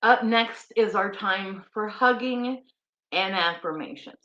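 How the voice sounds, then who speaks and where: A woman guiding a grief meditation livestream, repeating affirmations slowly with fillers and restarts, close to tears. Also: mid-range voice, sharp tone, reverberant, lo-fi sound. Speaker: energy healing guide. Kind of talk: guided tapping meditation livestream.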